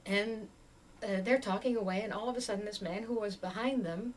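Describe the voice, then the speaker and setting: A woman in her sixties from Tanganyika, giving an oral history interview as an animated storyteller who laughs often while she talks. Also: mid-range voice, a little fast. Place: museum interview room. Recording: distant mic with faint background noise.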